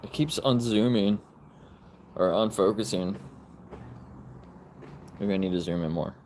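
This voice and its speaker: A man filming on his phone outdoors in a yard, talking to rescue dogs. He swears casually and often slips into high, sing-song baby talk. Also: measured pace, darkish tone, slight background noise. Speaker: vlogger at a dog rescue. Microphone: phone camera held in hand.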